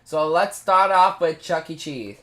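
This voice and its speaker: A young streamer talking quickly and casually and turning to address the chat. Their voice sits in a middle pitch and has a chatty, restless rhythm. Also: a bit bright, faint music behind.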